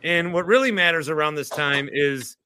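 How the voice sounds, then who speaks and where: A man hosting a casual sports podcast, joking and animated as he reads out news. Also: on the high side, moderate pace, noisy background. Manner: animated, jokey. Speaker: podcast host.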